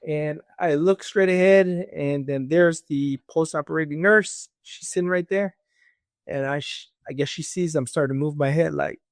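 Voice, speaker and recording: Brief: male guest, gravelly, fairly high voice, dry close sound, casual storyteller voicing others' lines. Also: normal speed, no echo. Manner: recounts dialogue, acting out voices of others; casual, with many fillers like "this and that". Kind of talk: storytelling in conversation.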